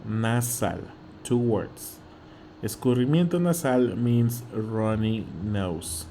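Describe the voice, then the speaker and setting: A Spanish teacher with a Mexican accent gives a slow vocabulary lesson in a fairly low, dark voice, with a little hiss or hum present. He patiently repeats each word and keeps checking in with "okay?".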